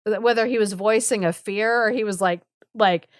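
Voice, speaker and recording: A woman's voice: medium pitch, normal speed, smooth, no echo, clean studio sound. A woman co-hosting a podcast, casually retelling a fairy tale in a chatty, joking way full of fillers. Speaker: podcast co-host.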